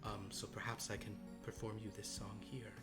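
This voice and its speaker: A man voicing a hesitant, polite female busker singer who speaks softly and halts with many ums. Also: lowish voice, level tone, loud music behind the voice, close to an everyday voice. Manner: halting, soft-spoken, full of ums.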